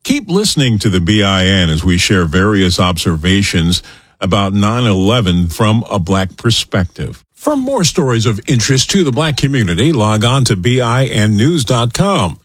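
A man anchoring a radio news segment in a measured newsreader delivery. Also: on the low side, big pitch swings, slightly rough, no echo.

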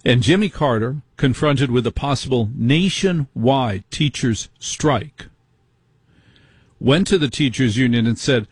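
Husky-voiced man ranting on talk radio. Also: medium pitch, measured pace, no room sound. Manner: ranting, indignant rhetorical questions. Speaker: radio talk show host.

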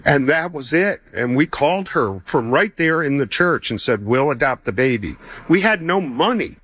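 A man's voice: a little high, animated, moderate pace, a bit bright, breathy edge, no room sound. A man in his fifties telling a personal faith testimony, conversational and chuckling as he acts out what people said.

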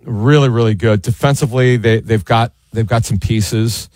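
A man's voice: mid-range voice, moderate pace, a little mellow, no room sound. A man giving blunt, emphatic opinions as a football insider on a sports show. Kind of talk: casual sports analysis.

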